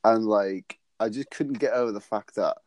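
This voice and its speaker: This is a podcast co-host in relaxed conversation with a friend, a man with a rather low voice. He tells rambling, joking anecdotes and laughs often. The sound is dry and close. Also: moderate pace, no room sound. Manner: rambling, jokey storytelling with frequent laughs. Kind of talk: casual chat.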